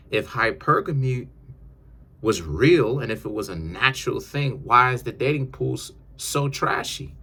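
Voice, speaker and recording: A man's voice: medium pitch, breathy edge. A man giving a tarot reading in a casual, ranting monologue, rambling and often repeating his words. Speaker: tarot reader.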